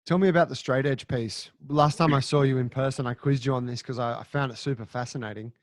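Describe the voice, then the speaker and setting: A male podcast host asking relaxed, curious questions with some hesitant restarts. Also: mid-range voice, fast, no echo. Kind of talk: interview questions.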